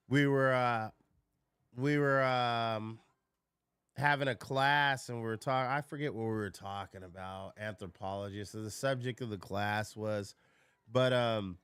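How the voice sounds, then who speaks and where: A man's voice: mid-range voice, a bit bright, clean tone, no echo, studio quality. A man chatting casually on a live stream, rambling through stories, swearing freely and answering his chat.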